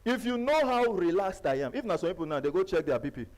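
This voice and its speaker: Nigerian male seminar speaker, fairly high voice, repetitive, hammering points loud then dropping low. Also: very animated, quick pace, poor audio. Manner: emphatic, repetitive, preacher-like; swings from loud bursts to quiet asides. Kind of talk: live motivational seminar talk. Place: seminar venue.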